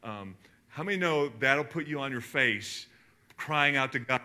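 A middle-aged man preaching a sermon as a pastor, conversational and animated, reading scripture aloud between asides. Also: mid-range voice, a little slow.

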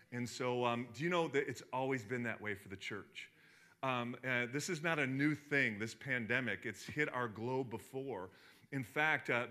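A middle-aged male pastor delivers a sermon in a loose, conversational way, stumbling over restarts and fillers as he goes. His voice is bright and forceful, at an ordinary pitch for a man.

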